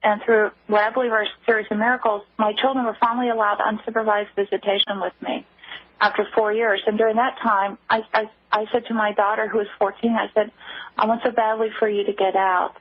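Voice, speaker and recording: A woman guest speaking on a phone line in a radio interview, halting, with many restarts. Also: mid-range voice, flat delivery, no room sound. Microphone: telephone. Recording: tinny phone line, dry.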